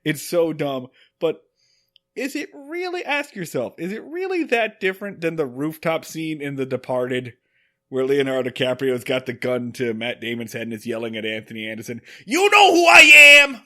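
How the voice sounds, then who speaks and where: A man co-hosting a podcast, recapping an old episode in animated, joking storytelling. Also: medium pitch, moderate pace. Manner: animated storytelling with acted quotes and laughs. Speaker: podcast co-host. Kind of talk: casual chat recapping an episode.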